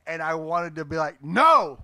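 A man's voice: a little high, a little fast, sharp tone, dry recording, clean studio sound. A man from Texas co-hosting a podcast, joking and mocking himself in casual banter. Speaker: podcast co-host. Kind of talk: casual chat.

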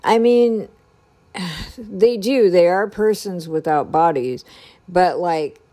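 A woman telling a personal story in a casual way, often pausing and hunting for the right words. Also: fairly low pitch, dark tone. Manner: hesitant, searching for words.

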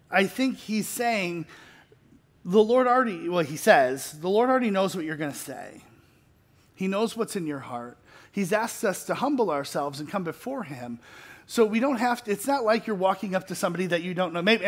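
High-voiced man preaching conversationally. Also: fairly bright tone. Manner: conversational, self-deprecating, with restarts and light laughs; builds to earnest emphasis. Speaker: pastor. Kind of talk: sermon.

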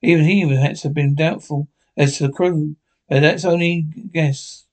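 A man narrating an audiobook in a plain, steady reading voice. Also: fairly high pitch, measured pace. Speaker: audiobook reader.

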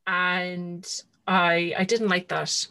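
Bright-voiced woman chatting about books. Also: lowish voice, level tone, drawn-out words. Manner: rambling, full of "like" and retold dialogue. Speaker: podcast co-host. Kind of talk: casual book chat.

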